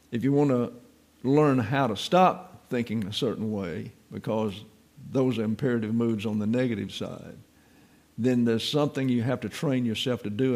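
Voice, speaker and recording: Gravelly man teaching the Bible. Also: medium pitch, darkish tone. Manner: folksy, wry storytelling. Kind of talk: informal Bible teaching with personal anecdotes.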